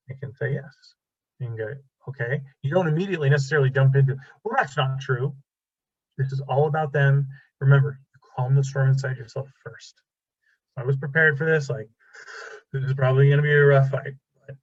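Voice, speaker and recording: A man's voice: mid-range voice, a little fast, breathy edge, no echo, lo-fi sound. A man in his thirties giving a casual, self-deprecating relationship talk to an audience, acting out bits of dialogue. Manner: animated, self-deprecating, acts out quoted dialogue. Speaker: relationship speaker.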